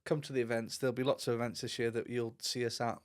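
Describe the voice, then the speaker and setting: A man's voice: medium pitch, flat delivery, fast, clean tone. A middle-aged man co-hosting a podcast in casual chat, laid-back and chummy. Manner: laid-back, chummy, often says "mate". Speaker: podcast co-host.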